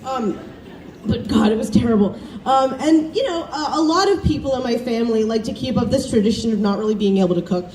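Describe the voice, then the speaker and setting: A young woman from the American South performing a self-deprecating stand-up set, chatty and animated as she tells family stories. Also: on the high side, fairly quick, a little hiss or hum. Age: young adult. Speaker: student stand-up comic. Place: campus showcase stage. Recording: roomy, distant stage recording with faint ambience.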